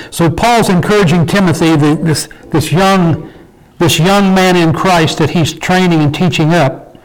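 A man's voice: high voice, poor audio. An older man teaching an informal Bible study in a folksy way, often checking in with his listeners. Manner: folksy, asks the group "okay?" and "did we?".

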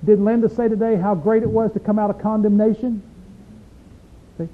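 A man's voice: high voice, flat delivery, normal speed. A man preaching a sermon in a folksy, conversational way, often putting questions to the listeners. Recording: tinny phone-like recording.

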